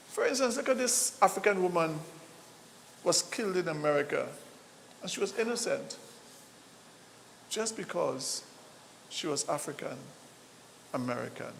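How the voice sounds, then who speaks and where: A man with a high, ringing voice hosts a live talk show. He preaches with force and keeps throwing rhetorical questions at his listeners. The sound carries a long hall reverb. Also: animated, unhurried, creaky, long pauses, a bit bright. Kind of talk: impassioned live commentary.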